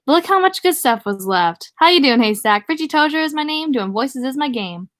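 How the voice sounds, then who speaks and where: Woman reading cheeky loudmouth boy, joking, halting delivery, high voice. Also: lively intonation. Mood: cocky. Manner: halting, stumbling over words.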